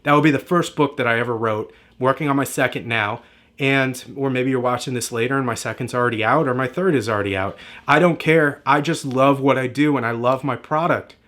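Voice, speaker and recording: A man's voice: medium pitch, brisk, a bit bright. A man giving a direct-to-camera marketing lesson, emphatic and repetitive in a motivational way. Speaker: marketing coach.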